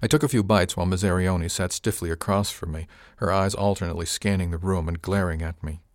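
Deep-voiced man narrating an audiobook. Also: steady tone, quick pace, no echo, clean studio sound. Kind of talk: first-person scripted narration.

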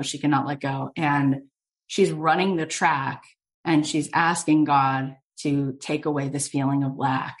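A woman host and coach telling an inspirational story in an animated way, acting out the quotes. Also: low voice.

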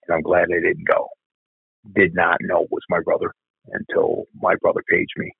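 A man's voice: low-pitched, monotone, moderate pace, gravelly, breathy edge, dry recording, phone-quality sound. A middle-aged man, a police officer, bluntly and profanely retelling a family tragedy in a candid interview. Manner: blunt, profane, repeats himself while recalling. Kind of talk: candid conversational storytelling.

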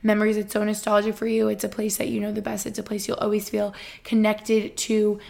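A woman's voice: mid-range voice, completely flat delivery, brisk, creaky, a little mellow. A young woman in her twenties hosting a casual solo podcast, chatty and bubbly with lots of fillers. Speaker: podcast host.

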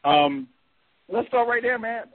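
A man hosting a sports podcast, leading the talk in a relaxed way and asking questions. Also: very high voice, unhurried. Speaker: podcast host. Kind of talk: casual sports chat. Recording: tinny phone-like sound.

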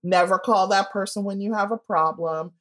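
A woman's voice: mid-range voice, fairly even intonation, normal speed, fairly bright tone. A woman guest speaking frankly in a casual interview, often acting out what people said to her. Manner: frank and candid, acts out quoted voices. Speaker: guest author.

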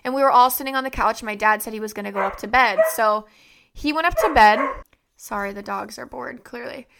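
A woman's voice: on the high side, brisk, noisy background. A young woman hosting a podcast, telling a personal story in a conversational way, with frequent fillers and "like". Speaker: podcast host.

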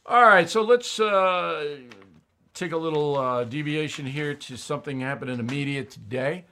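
A man's voice: on the high side, normal speed, sharp tone. An older man hosting a commentary show, blunt and opinionated, reading ads and giving his views with emphatic repetition.

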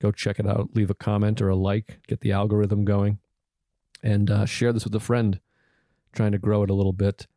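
A man's voice: fairly low pitch, level tone, normal speed, warm tone, no room sound, clean studio sound. A man with a Boston accent hosting a podcast, rambling and self-deprecating in casual chat. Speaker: podcast host.

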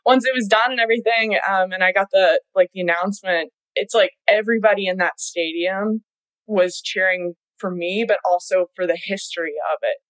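A woman's voice: mid-range voice, fairly even intonation, brisk, fairly bright tone, dry recording, low-quality recording. A young woman telling her story as a guest in a casual chat, laughing often and saying "like" a lot. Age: young adult. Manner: chatty, laughs often, many "like"s. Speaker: guest, college athlete.

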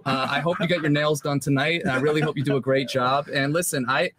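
A man's voice: fairly high pitch, steady tone, fast talker, background noise. A man speaking as a podcast guest, brash and teasing, confident in casual debate.

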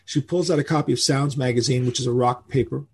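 An older man, telling animated stories as a guest in a podcast interview and acting out the people he quotes. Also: mid-range voice, fast, slightly rough. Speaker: guest musician.

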